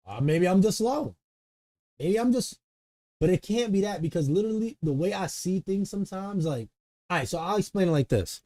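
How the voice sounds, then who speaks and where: A man's voice: on the high side, warm tone, dry recording, clean studio sound. A young man, a streamer, chatting casually and rambling in slang to his viewers, often mocking himself. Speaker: streamer reacting to a video.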